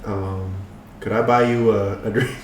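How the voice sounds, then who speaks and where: Man, tabletop player, halting and hesitant, lowish voice, roomy echo, faint noise. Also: steady tone. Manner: hesitant, full of ums and restarts. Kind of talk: tabletop role-play banter.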